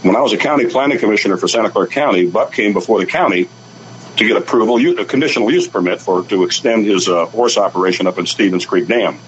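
A man's voice: lowish voice, fast, dull audio, crowd noise. An older man telling folksy, anecdotal stories as a guest on a talk show, acting out the voices of the people in them. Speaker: guest, author and rancher. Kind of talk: storytelling on a radio talk show.

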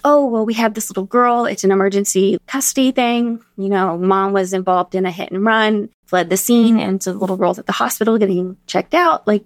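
A woman in her thirties, a podcast guest telling stories in a casual, animated way and acting out the dialogue she quotes. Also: medium pitch, no echo, clean studio sound. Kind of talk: casual storytelling interview.

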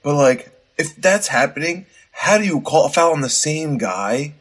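A man co-hosting a sports podcast, talking in a rambling, halting way with many restarts. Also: a little high, expressive, a bit bright. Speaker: podcast co-host. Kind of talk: casual sports podcast chat.

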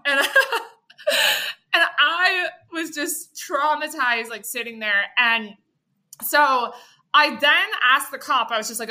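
A young woman telling a story in casual chat, animated and full of fillers, acting out what people said. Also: high-pitched, a little slow. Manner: animated, filler-heavy, acts out quotes.

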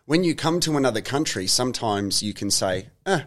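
A man's voice: medium pitch, lively intonation, brisk. A man with an Australian accent hosting a casual podcast interview, friendly and encouraging. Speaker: podcast host.

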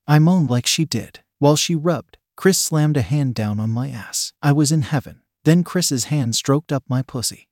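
A man narrating a first-person story in a steady, even read. His voice sits at a middle pitch. The sound is close and dry, with no room around it. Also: dry recording.

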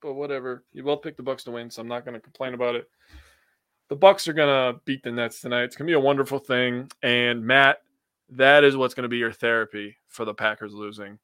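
A young man from Wisconsin co-hosts a sports podcast, speaking bluntly and now and then swearing. His voice is bright and crisp. It is recorded dry and close, with no room sound. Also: medium pitch, steady tone, fairly quick, no echo. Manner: blunt and opinionated, with some swearing. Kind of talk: casual chat.

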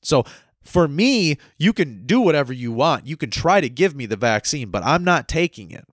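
A man's voice: a little high, very animated, normal speed, dry recording, clean studio sound. A man from the United States delivering a heated, ranting monologue, often tagging his points with "right?" and tripping over repeated words. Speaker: commentator.

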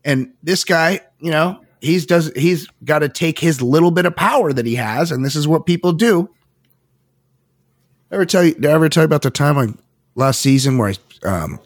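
Animated storytelling man, podcast co-host. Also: a little high, moderate pace. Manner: animated storyteller, acts out quotes. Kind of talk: casual chat.

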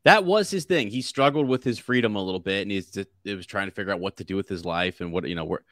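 Brief: deep-voiced male co-host, loose and rambling, dry close mic. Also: fast, fairly bright tone, dry recording. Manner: rambling, with frequent restarts and laughter. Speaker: podcast co-host. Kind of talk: casual book discussion.

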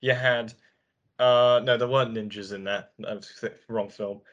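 A man's voice: medium pitch, normal speed, highs cut off. Man retelling film scenes casually. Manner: animated, retells scenes with filler words. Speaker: podcast co-host. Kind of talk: casual film review chat.

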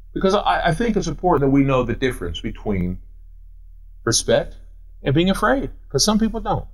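A man preaching from the pulpit in a voice that rises and falls a lot. He reads scripture at a slow, deliberate pace. Then he breaks it down in casual talk with a Midwestern American accent. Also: medium pitch. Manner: reads scripture slowly, then explains in plain everyday talk. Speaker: pastor. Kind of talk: sermon.

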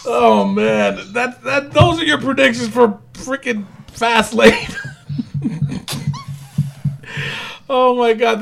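A man's voice: extremely high pitch, lively intonation, unhurried, creaky, long pauses, fairly bright tone. A man hosting a wrestling podcast in casual chat, joking and laughing often. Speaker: podcast host.

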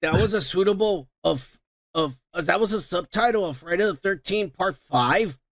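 A man's voice: high voice, animated, normal speed, a bit bright, dry recording. A man hosting a casual podcast, rambling and cursing as he reads out listener comments. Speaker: podcast host.

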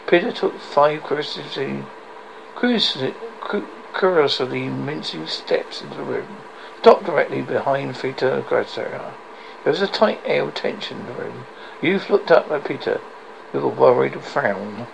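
A man with a very gravelly voice reads a novel extract aloud for radio. He stumbles and restarts now and then. A faint hiss sits under the reading. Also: mid-range voice, lively intonation, moderate pace, poor audio. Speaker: radio reader.

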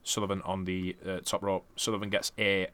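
A man recaps matches in a relaxed, dry podcast manner with offhand swearing. His voice is on the low side but bright, and the sound is dry and close. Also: fairly quick, clear, resonant tone, no echo. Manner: laid-back, dry, swears casually. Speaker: podcast co-host.

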